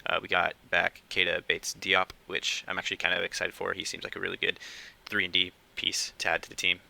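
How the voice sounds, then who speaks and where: Brief: young male podcast host, deep gravelly voice, quiet and halting, home recording at night. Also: monotone, rough recording. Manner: quiet, hesitant, many fillers. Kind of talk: casual solo podcast talk.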